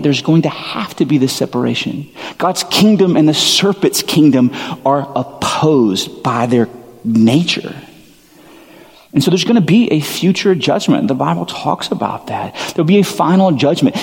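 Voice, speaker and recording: A man's voice: medium pitch, gravelly, darkish tone, in a large hall. A male pastor preaching a sermon in a casual, earnest way, full of "like" fillers. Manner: conversational, filler-heavy, earnest.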